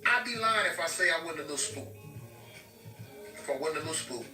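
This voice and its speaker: A man's voice: on the high side, fairly quick. A man casually telling a story to his viewers and acting out the people he quotes. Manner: animated, acts out quoted dialogue. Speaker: vlogger telling a prison story. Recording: roomy sound from a distance with faint music.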